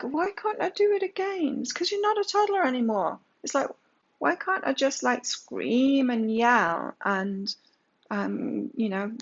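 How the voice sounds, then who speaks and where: A woman giving a daily tarot energy reading, talking emphatically with lots of rhetorical questions. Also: mid-range voice. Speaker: tarot reader. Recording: slightly dull lo-fi sound.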